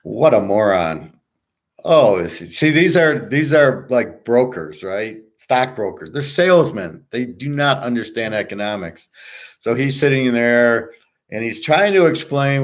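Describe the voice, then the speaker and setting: With a mid-range voice, animated yet a little slow, a middle-aged man holds forth as a sports betting tipster and picks host. His casual rant is blunt, bragging and full of swearing, drifting from point to point.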